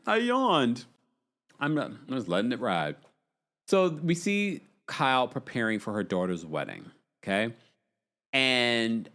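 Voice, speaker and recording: A man's voice: fairly low pitch, a bit bright. A man hosting a casual livestream, chatting about reality TV and reading viewer comments aloud. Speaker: livestream host.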